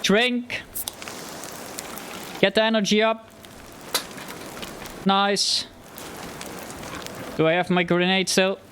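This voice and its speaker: A man's voice: high voice, fairly even intonation, drawn-out words, long pauses, noisy background. A man commenting on his own gameplay, muttering nervously to himself and yelping when scared. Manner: jumpy, frightened muttering to himself. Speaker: gamer. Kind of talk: let's play commentary.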